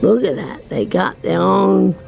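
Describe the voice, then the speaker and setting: A woman's voice: fairly low pitch, animated, measured pace, creaky, music in the background, rough recording. A woman chatting casually as she walks through a record shop, recording a vlog on a handheld phone, rambling and laughing easily. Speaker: vlogger and DJ. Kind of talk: casual walking-tour vlog. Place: record shop, indoors, walking around.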